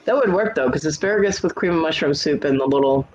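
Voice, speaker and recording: A man's voice: fairly high pitch, fast talker, muffled recording. A man hosting a casual livestream chat from home, telling blunt, profane stories. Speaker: livestream host.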